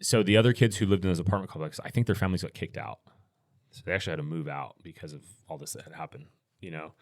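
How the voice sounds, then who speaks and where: A middle-aged American man, a podcast guest, telling a long anecdote in a relaxed, rambling way. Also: low-pitched, rapid-fire, dry recording, studio quality. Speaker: podcast guest, firearms instructor. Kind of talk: casual storytelling in interview.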